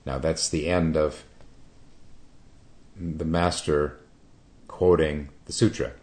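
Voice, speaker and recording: A man giving a Zen dharma talk as teacher, halting, with many hesitations and restarts. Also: very deep voice, fairly even intonation, darkish tone.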